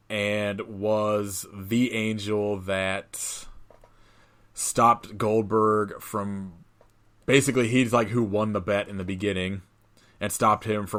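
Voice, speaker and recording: Podcast co-host, male, lowish voice, loose swearing recap style. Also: fairly bright tone. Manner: laughs often, swears freely. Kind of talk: casual chat recapping a film.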